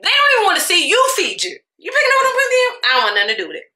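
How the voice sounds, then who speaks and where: Racing along with huge pitch swings, this young woman's extremely high voice sounds sharp. She's a beauty vlogger laughing often through a sassy, casual get-ready-with-me chat with her viewers, and the room echoes.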